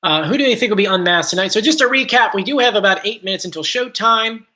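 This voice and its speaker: A man with a South Jersey–Philadelphia accent runs a casual live stream, talking fast in a high-pitched, bright, forward voice. He hops cheerfully and ramblingly from comment to comment.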